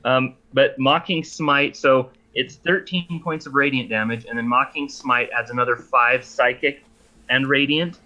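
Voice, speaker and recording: A male player talks through his attack in a casual, halting way, full of small restarts. His voice is bright and a bit sharp. The sound is dull and lo-fi, as if from a cheap mic. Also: mid-range voice, steady tone. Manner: hesitant, with many fillers and restarts while describing his move. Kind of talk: casual play at a tabletop game.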